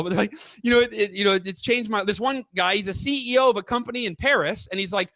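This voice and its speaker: Bright, high-voiced animated male storyteller. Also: quick pace, hardly any pauses, dry recording. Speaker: author and guest. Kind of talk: casual interview chat.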